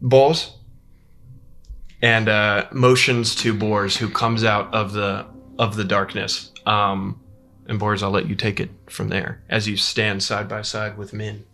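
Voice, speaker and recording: A man's voice: on the low side, flat delivery, a little slow, bright, forceful tone. A man narrating a tabletop game as game master, in loose rambling speech full of fillers.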